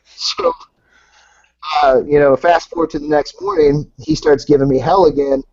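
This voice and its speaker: A man telling wild stories on a podcast, animated and swearing freely. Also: a little high, moderate pace, no room sound. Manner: animated, swears, acts out voices in anecdotes. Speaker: podcast guest. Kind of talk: casual storytelling. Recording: dull lo-fi podcast audio.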